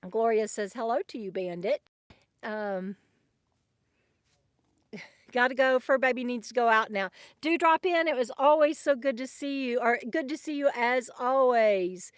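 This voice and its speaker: A woman's voice: fairly high pitch, unhurried, clear, resonant tone, no room sound, studio quality. A woman hosting a casual live stream from her RV, chatting and laughing as she reads out viewer comments. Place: RV camp in the desert.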